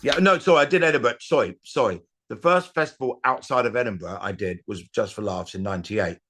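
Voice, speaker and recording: A middle-aged comedian telling rambling anecdotes in a casual interview, with restarts and acted-out quotes. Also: male voice, mid-range voice, a little fast, a bit bright. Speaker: comedian guest.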